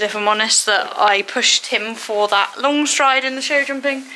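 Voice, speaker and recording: A woman's voice: high voice, noisy background. A woman, vlogging and talking fondly to her horse in a stable, emotional and close to tears. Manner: chatty, affectionate, talks fondly to her horse. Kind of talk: casual vlog chat. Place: outdoors and in a stable at a horse event.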